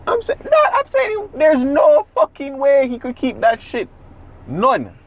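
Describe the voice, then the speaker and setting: A man, co-hosting a podcast in casual chat, talking in an animated, profane, rambling way. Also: very high-pitched, a little slow, muffled recording. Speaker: podcast co-host.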